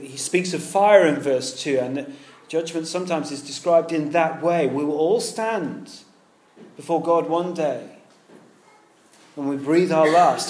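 A man preaching a sermon in an earnest, conversational way, moving between loud emphasis and hushed tenderness. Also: on the high side, echoey room.

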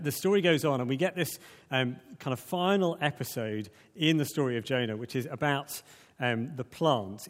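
A man preaching a sermon in a conversational, animated way, with many restarts. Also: medium pitch. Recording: long reverb of a large hall.

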